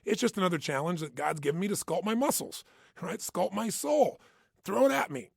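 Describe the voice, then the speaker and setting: A man's voice: high voice, very animated, brisk, creaky, slightly rough, dry recording, studio quality. A man giving an intense, emphatic motivational talk, hammering points with punchy repetition. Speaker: motivational speaker. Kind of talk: motivational self-help talk.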